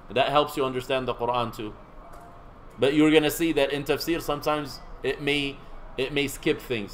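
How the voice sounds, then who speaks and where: A man's voice: mid-range voice, a little hiss or hum, rough recording. A man teaching a seminary class in a conversational lecture, quizzing his students and making joking asides.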